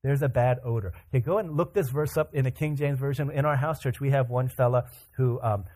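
A man preaching a sermon, animated, acting out the voices in the scripture with casual asides. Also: medium pitch, fairly quick.

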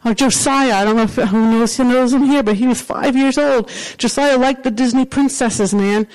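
A woman's voice: a little high, normal speed, darkish tone, rough recording. A woman pastor preaching a sermon in an emphatic, repetitive way, circling back to the same phrases.

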